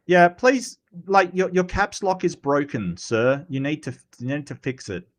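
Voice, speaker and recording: Male livestream host, casual commentary, slightly high voice with animated pitch, teasing, stumbling restarts. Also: measured pace. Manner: chatty, repeats words, many fillers, teasing. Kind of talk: casual live commentary reading chat.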